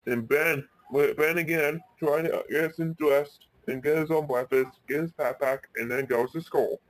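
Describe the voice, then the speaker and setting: A man's voice: a little high, steady tone, measured pace, no echo. Male storyteller, casual and rambling, dry close sound. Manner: rambling, frequent restarts. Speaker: YouTube storyteller.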